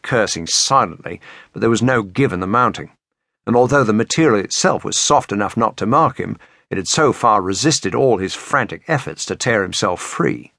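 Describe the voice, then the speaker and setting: A man narrating a thriller audiobook in a measured, expressive way. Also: on the low side, vocal fry, dry recording, clean studio sound. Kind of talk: scripted narration.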